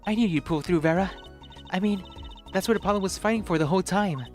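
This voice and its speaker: A man puts on a bubbly teenage girl magician, all chirpy cheer, her voice pitched well above his own and pushed a little louder. Faint music plays under the game read-through. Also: quick pace, natural voice. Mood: cheerful. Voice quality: high and bright, bouncy. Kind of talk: reading game dialogue aloud.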